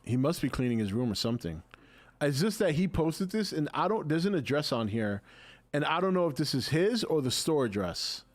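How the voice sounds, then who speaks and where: A man's voice: fairly high pitch, very animated, fairly quick. A middle-aged man hosting a casual live stream, chatty and laughing often, with many restarts.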